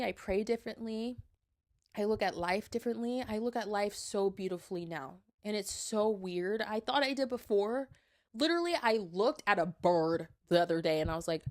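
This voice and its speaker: A woman's voice: mid-range voice, moderate pace. A young woman in her twenties hosting a podcast, talking candidly and earnestly, with many "like"s and "um"s. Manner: earnest, confessional, many fillers like "like" and "um". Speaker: podcast host. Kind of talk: candid personal podcast talk.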